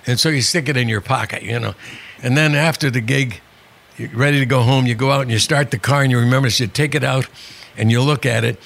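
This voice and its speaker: An older man telling show-business anecdotes in a relaxed interview, wry and conversational, acting out the people he quotes. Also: medium pitch, fast talker, creaky. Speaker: guest, comedian. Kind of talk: storytelling interview chat.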